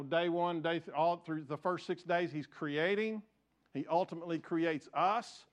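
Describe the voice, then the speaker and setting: A high-pitched man preaching a sermon. He hammers home key phrases, asks the congregation to say lines with him, and slips into casual asides with restarts along the way. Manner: frequent restarts and fillers, conversational asides. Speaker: pastor.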